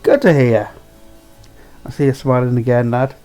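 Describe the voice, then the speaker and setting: A man's voice: mid-range voice, normal speed, dark tone, faint music behind, voice pushed down, close to an everyday voice. A man voicing a jovial middle-aged market trader and father, friendly and hearty. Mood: warm. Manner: hearty and friendly, calls people lad.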